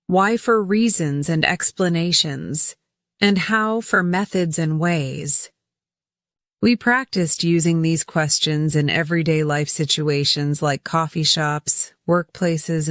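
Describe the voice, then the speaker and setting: A woman narrating a scripted English lesson, speaking deliberately and repeating words for pronunciation drills. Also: low-pitched, dry recording, studio quality. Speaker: English teacher.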